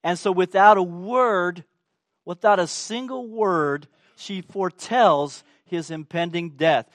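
A man's voice: high-pitched, slow, dry recording. A man preaching a sermon, emphatic and asking the congregation rhetorical questions.

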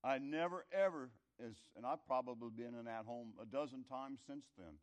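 A middle-aged or older man delivers a homespun anecdote as a sermon, in a voice of ordinary middle pitch. He talks conversationally and rambles, restarting his sentences. His volume swells for emphasis and then drops low. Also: moderate pace. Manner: rambling, conversational, loudness rising and falling. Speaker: speaker telling a story to an audience. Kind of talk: folksy storytelling sermon.

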